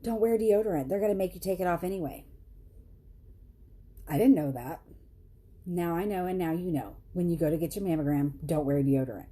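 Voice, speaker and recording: A woman's voice: brisk, long pauses, mellow, breathy edge. A woman, telling a story to her viewers in a chatty, self-deprecating way. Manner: chatty, self-deprecating, laughs often, quotes others in high voices. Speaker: vlogger.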